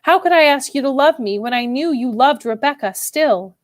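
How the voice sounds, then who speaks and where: A woman's voice: sits high, expressive, normal speed, dry recording, voice pushed up. A woman reading as an anxious young wife. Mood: pleading.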